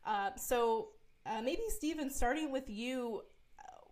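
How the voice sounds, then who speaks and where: A woman's voice: fairly high pitch, slow, a little mellow. A woman hosting an interview, enthusiastic, asking long, meandering questions. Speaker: interview host. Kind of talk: casual interview talk.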